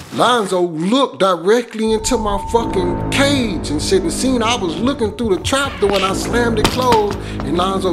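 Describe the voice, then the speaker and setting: Man telling a raw street story. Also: high-pitched. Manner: profane, conversational, vivid. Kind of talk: personal storytelling.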